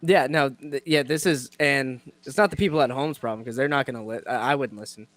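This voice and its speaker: A man's voice: medium pitch, a little fast, fairly bright tone, no echo. A man hosting a casual sports podcast, rambling, self-mocking and laughing often. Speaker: podcast host.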